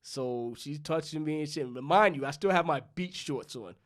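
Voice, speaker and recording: A man's voice: on the high side, normal speed. A young man from New York, a podcast co-host, telling a loose, profane story in casual chat and acting out both sides of the dialogue. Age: young adult.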